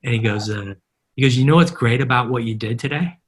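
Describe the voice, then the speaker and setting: A middle-aged man with a husky, slightly breathy voice, guesting on a podcast. He tells stories with energy and keeps acting out the dialogue from them. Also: medium pitch, fast talker. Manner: animated anecdotes, acting out quoted dialogue. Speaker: guest, marketer. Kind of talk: storytelling in a podcast interview.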